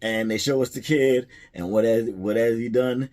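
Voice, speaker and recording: A man's voice: mid-range voice, moderate pace, a little mellow. Rambling man recapping a comedy film. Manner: rambling, chuckles at the jokes he retells. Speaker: movie reviewer. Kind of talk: casual plot recap.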